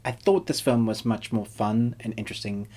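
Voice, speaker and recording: A man hosting a casual film review, speaking in a relaxed, rambling way with frequent fillers. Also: lowish voice, moderate pace, slightly rough.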